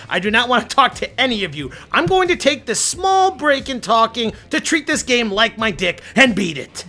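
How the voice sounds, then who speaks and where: A man's voice: extremely high pitch, big pitch swings, moderate pace, hardly any pauses, pushed and bright. A man giving a comedic game review as a YouTuber, sarcastic and exasperated.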